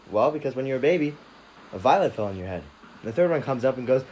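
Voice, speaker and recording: A young man co-hosting a casual podcast in a relaxed, joking way. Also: mid-range voice, quick pace, a little hiss or hum, rough recording. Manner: relaxed, joking, laughs easily. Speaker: podcast co-host. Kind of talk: casual chat.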